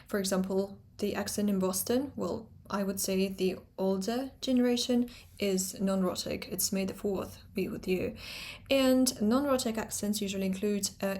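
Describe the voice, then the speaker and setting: Young woman, mid-pitched, casual phonetics teacher; slow and deliberate, demonstrating sounds. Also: darkish tone. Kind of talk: casual explanatory lesson.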